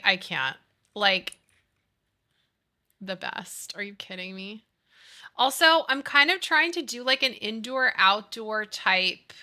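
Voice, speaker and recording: A woman in her thirties streaming a life-sim game, chatting casually with her chat about childhood and movies. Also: mid-range voice. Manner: chatty, animated, reads chat aloud. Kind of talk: casual chat while gaming.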